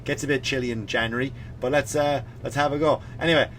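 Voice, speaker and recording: A man's voice: medium pitch, steady tone, a little fast, a bit bright, slight background noise. A male comedian hosting his podcast, ranting with sarcastic, mock-serious asides. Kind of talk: comedic rant.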